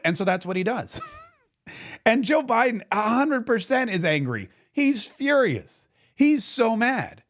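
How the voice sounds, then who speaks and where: High-voiced indignant male commentator. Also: a little slow. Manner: animated, indignant, repeats phrases. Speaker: political commentary host. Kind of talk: opinionated commentary.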